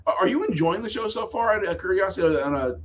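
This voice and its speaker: A man co-hosting a podcast chats casually in a fairly high voice, agreeable and hesitant, often restarting his sentences. His sound is dull and lo-fi, like audio from an online call. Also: expressive, fast. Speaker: podcast co-host. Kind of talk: casual chat.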